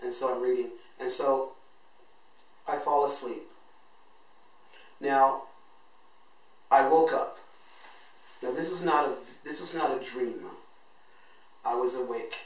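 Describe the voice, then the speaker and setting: A man's voice: medium pitch, takes it slowly, pauses often. A man earnestly telling his own life story as host, acting out what he said back then. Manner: earnest and emotional, acts out his own past words. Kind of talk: personal storytelling monologue. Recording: echoey room, voice from a distance.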